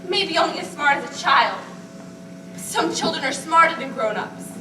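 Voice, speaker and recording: A woman playing a fragile, childlike grown daughter whose very high voice swings widely as she pleads and breaks. She is heard from far off in an echoey hall. A clear hiss sits under everything. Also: animated, moderate pace. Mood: desperate. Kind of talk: amateur stage acting.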